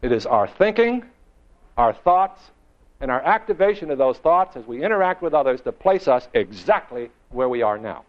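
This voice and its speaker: A man giving a motivational seminar to a live audience, emphatic and full of rhetorical questions, slowing and quickening for effect. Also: medium pitch, very animated. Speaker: motivational speaker. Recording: dull lo-fi recording.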